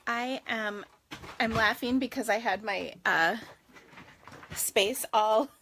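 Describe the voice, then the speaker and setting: A woman's voice: fairly high pitch, slow pace, fairly bright tone, a little hiss or hum. A woman hosting a casual craft livestream from her home craft room, chatting with sing-song greetings and lots of fillers.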